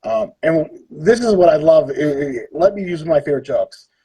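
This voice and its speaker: A man in his thirties hosts a relaxed livestream chat, his voice a little husky and sitting higher than most men's. He talks in a loose, joking way as he announces each matchup. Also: normal speed, dull audio. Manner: jokey, reads out matchups. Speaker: livestream host. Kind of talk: casual chat.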